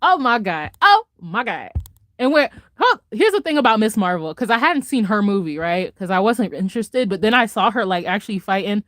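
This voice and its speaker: A woman vlogger in a casual reaction chat, gushing and excitable, laughing often and swinging between loud highs and soft mutters. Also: normal speed, no echo, studio quality.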